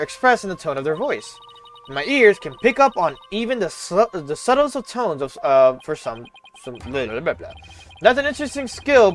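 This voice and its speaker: A streamer reading a courtroom game's dialogue aloud, voicing the characters and often stumbling over words. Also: mid-range voice. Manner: voices the characters with frequent stumbles and restarts. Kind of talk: casual game read-through.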